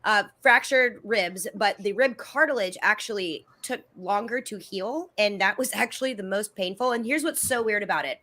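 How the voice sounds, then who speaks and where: Bright, animated woman guest. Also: mid-range voice, moderate pace, few pauses. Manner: animated, self-deprecating, acts out quotes. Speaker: guest fantasy football analyst. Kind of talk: casual live-stream chat.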